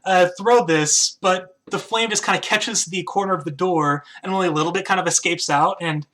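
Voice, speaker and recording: A game master narrates a tabletop game in a bright, sharp voice. The telling is casual and hesitant, full of fillers and restarts. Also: mid-range voice, moderate pace. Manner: hesitant narration with many "uh" and "kind of".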